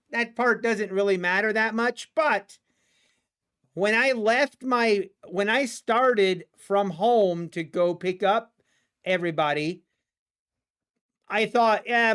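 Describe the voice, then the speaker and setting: A man's voice: high-pitched, fairly bright tone, clear, resonant tone. Rambling American man telling a story. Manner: rambling, with many restarts and asides to chat. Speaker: day-trading livestreamer. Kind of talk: casual storytelling on a livestream.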